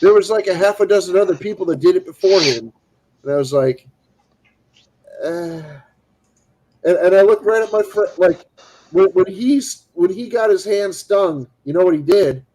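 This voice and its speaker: A man in a casual stream with a voice pitched a little above the usual. He rambles through a story with restarts and acts out the people in it. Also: normal speed, low-quality recording. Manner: animated, acts out quoted people.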